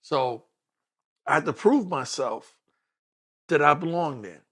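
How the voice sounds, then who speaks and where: A detective in his sixties from New York City, speaking with a New York accent, describes his life as an interview guest. He talks slowly in a fairly high voice, full of energy as he acts out the people he quotes.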